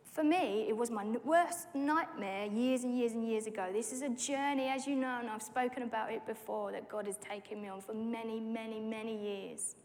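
A woman preaching a personal testimony sermon, telling the story with lively acted-out dialogue. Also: a little high, normal speed, hardly any pauses. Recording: long hall reverb.

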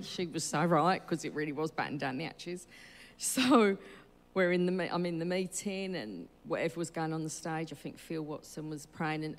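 A woman with a low voice tells her testimony in a chatty, rambling way, doubling back and correcting herself. Her voice rings with a long echo through a church hall. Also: a little hiss or hum. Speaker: church member giving testimony. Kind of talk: personal testimony.

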